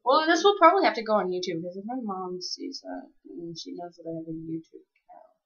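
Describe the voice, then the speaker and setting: A woman's voice: on the low side, expressive, fast, a bit bright, slightly rough. A teenage girl chatting and teasing a friend in front of a laptop webcam, giggly and bossy. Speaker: webcam vlogger. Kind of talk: casual goofy chat with a friend. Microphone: built-in laptop webcam mic. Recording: dull lo-fi webcam audio.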